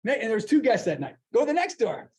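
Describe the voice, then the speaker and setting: A middle-aged man with a fairly high voice tells stories to a club meeting in a meeting room. He is lively and anecdotal and slips into the voices of the people he quotes. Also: fast talker. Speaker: guest speaker. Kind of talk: storytelling speech at a club meeting.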